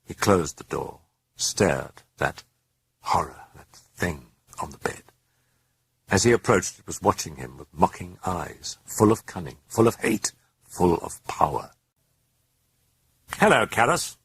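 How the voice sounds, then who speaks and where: Deep gravelly male horror narrator. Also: unhurried, no echo. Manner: dramatic, expressive. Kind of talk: dramatic audiobook narration.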